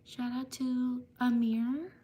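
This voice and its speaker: Woman streamer, soft and mellow, reads names slowly; faint hiss behind. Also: on the high side. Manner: slow, even reading of viewer names. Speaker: livestream host. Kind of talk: live stream shout-outs.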